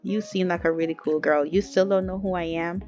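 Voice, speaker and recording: A woman's voice: on the low side, fairly even intonation, a little fast, a little mellow, natural voice. A woman voicing an easygoing, kind young man who talks in a laid-back, reassuring, slangy way.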